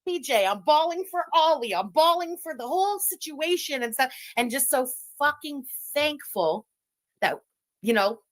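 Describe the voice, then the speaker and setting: Lively, swearing woman rambling on stream. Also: high voice, normal speed. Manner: profane, emotional, rambling. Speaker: online streamer in a played clip. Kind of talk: casual rambling monologue.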